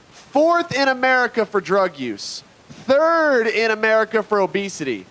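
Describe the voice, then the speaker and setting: A man's voice: high voice, fairly bright tone, low-quality recording. A man doing a live stand-up set on a club stage, brash and riffing with the crowd. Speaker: stand-up comedian.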